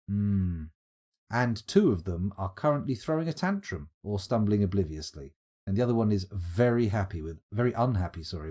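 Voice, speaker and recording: Guy rambling over a game stream, lowish mellow voice, dry humor. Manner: chatty, wry, thinking aloud. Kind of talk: live gameplay commentary.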